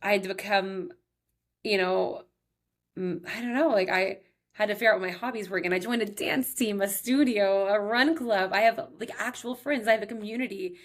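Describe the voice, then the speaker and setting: A woman's voice: medium pitch, moderate pace. A woman in her thirties hosting her own podcast, telling personal stories in a chatty, upbeat way full of "like" and "he's like". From Texas. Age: 30s. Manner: chatty, heavy use of "like", emotional and upbeat. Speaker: podcast host. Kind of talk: casual personal storytelling monologue.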